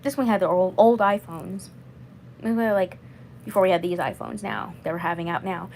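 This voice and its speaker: A woman's voice: lowish voice, brisk, creaky, a little mellow, slight background noise, poor audio. Rambling woman in her twenties. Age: 20s. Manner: rambling, repeats herself. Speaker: vlogger. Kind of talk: casual livestream chat.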